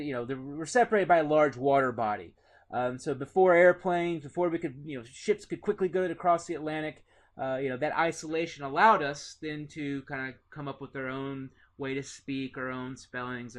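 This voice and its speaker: Guy from w/ doing a class lecture, kinda high voice, says uh a lot, laid back. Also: brisk. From Indiana. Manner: relaxed, lots of "uh" fillers, conversational. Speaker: teacher.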